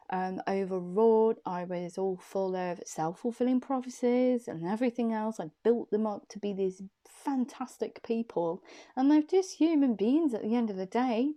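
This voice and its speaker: A woman's voice: a little high, dark tone. A woman, a reader chatting casually and laughing at herself as she tells a personal story. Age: young adult. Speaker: intuitive reader.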